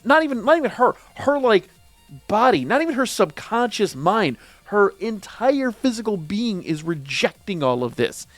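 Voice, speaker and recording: A man hosting a casual manga reaction review, excitable, slangy and emphatic. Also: high-pitched, normal speed, dry recording, faint music behind.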